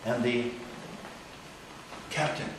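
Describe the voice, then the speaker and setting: A man telling a story on stage in a dramatic, animated way, with pauses for effect, heard from a distant mic in a large echoey hall. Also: noisy background.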